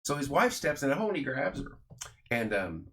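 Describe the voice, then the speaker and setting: A man's voice: medium pitch, big pitch swings, a little fast, fairly bright tone. Chatty male talk show host. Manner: chatty storyteller, reads viewer comments aloud. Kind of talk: casual chat. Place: studio.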